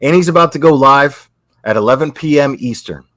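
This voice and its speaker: A man on his own stream, profanely ranting and calling out other creators, slow and emphatic. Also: medium pitch, fairly bright tone, dry recording, studio quality. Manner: profane, repetitive, confrontational. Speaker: YouTube creator. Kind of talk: angry livestream rant.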